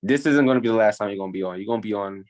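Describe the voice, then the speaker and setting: A man's voice: lowish voice, very fast. A young man co-hosting a podcast, talking in a loose, rambling way with lots of fillers. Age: young adult. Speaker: podcast co-host. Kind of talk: casual chat.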